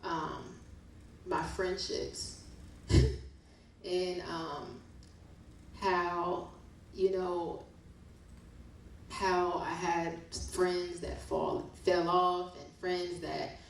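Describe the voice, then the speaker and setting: A young woman reading her poems at a book release and chatting about them in a slow, soft, reflective way. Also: lowish voice. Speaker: author reading her poetry. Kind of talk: poetry reading and casual chat. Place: event room at a book release show. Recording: very echoey room, distant mic, faint noise.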